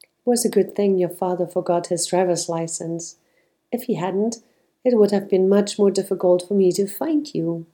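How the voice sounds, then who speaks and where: A woman reading aloud, voicing a kind, very old male flower seller who talks in a gentle, secretive way. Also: medium pitch, normal speed, close to an everyday voice. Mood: genial.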